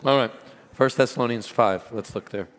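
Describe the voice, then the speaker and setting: A man preaching a sermon as pastor, earnest and animated, mixing stories and asides with scripture. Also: medium pitch, normal speed. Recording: long hall reverb.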